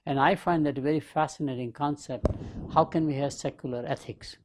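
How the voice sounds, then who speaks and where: A man's voice: a little high, fairly even intonation, fairly quick, background noise. A man lecturing on a leadership podcast, explaining ideas through everyday analogies and rhetorical questions. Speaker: business professor hosting a leadership podcast. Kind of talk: lecture-style podcast monologue.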